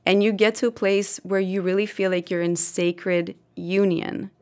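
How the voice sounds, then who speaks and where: A woman's voice: mid-range voice, flat delivery, unhurried, darkish tone. A woman in her thirties, a podcast guest, giving earnest, heartfelt advice on partnership in a casual conversation.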